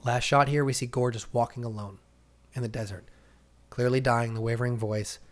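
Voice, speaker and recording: A young man co-hosting a casual podcast, retelling a comic story with lots of acted-out lines and sudden shouts. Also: mid-range voice, moderate pace. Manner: animated storyteller, acts out characters' lines. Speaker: podcast co-host. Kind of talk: casual comic-book recap chat.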